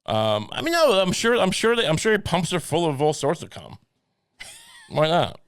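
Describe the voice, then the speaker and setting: Male co-host, rambling jokey delivery, animated pitch, slightly high voice. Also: moderate pace, clear, resonant tone, no echo, studio quality. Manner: rambling, joking, laughs through lines. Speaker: podcast co-host. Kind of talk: casual chat.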